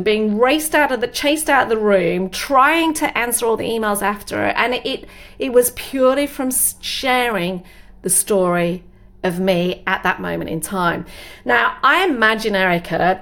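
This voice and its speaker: A woman hosting an interview podcast, telling a lively anecdote before asking her question. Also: on the high side, moderate pace. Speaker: podcast host. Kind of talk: interview conversation.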